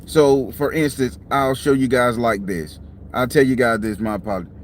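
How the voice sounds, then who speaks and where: A man's voice: mid-range voice, normal speed. Man, middle-aged, tarot reader, casual car chat, blunt, profane, tired, faint road noise. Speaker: tarot reader and channel host. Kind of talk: casual talk to camera. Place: parked car. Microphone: clip-on mic.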